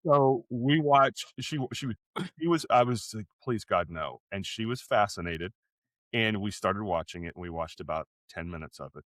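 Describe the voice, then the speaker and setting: A man co-hosting a casual podcast, telling stories in an animated way, often stumbling over and repeating his words. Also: lowish voice, moderate pace, no room sound, studio quality. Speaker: podcast co-host. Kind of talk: casual conversational podcast chat.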